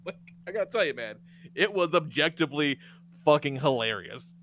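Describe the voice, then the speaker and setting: A man hosting a podcast, telling profane, animated stories in casual chat and laughing often. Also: on the high side, brisk, a little hiss or hum. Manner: profane, animated storyteller who laughs a lot. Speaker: podcast host.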